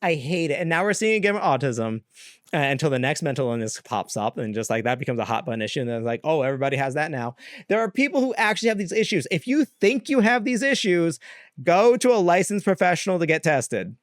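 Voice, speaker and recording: A man's voice: on the high side, lively intonation, quick pace, dry recording. Rambling young man, dry close podcast voice. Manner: candid, rambling, with many fillers and laughs. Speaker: podcast host. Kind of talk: casual solo podcast rant.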